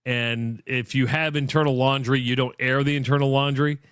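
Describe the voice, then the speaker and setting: A man's voice: medium pitch, level tone, moderate pace, a bit bright, clear, resonant tone, dry recording, studio quality. A man co-hosting a sports talk radio show, giving fired-up, opinionated commentary and retelling stories.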